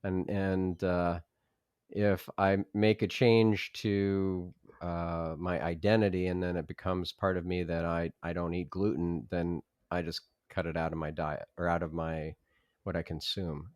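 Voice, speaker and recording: A man's voice: deep voice, no echo, studio quality. A man hosting a podcast interview, asking long questions hesitantly with many fillers. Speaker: podcast host.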